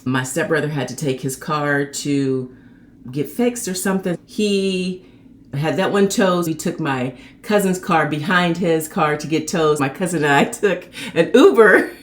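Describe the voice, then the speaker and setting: A woman hosting her own show, telling a personal story in a chatty, animated way and acting out the people in it. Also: normal speed. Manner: animated, acts out quoted people with sharp pitch jumps; chatty and conversational. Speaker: host.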